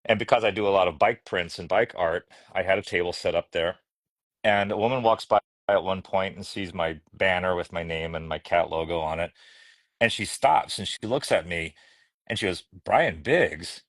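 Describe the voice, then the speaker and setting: A middle-aged man tells stories in a relaxed chat as a podcast guest. His voice sits fairly low and the recording is dry and close. He laughs often and restarts his sentences as he goes. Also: normal speed, no room sound. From United States. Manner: chatty, laughing, many restarts. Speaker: guest, children's book illustrator. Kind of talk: casual storytelling conversation.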